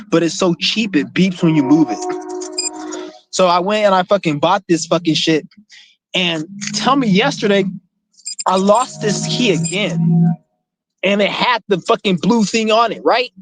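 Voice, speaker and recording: A man's voice: high-pitched, lively intonation, normal speed, over music, low-quality recording. A man vlogging in casual chat, rambling and swearing a lot and often restarting his sentences.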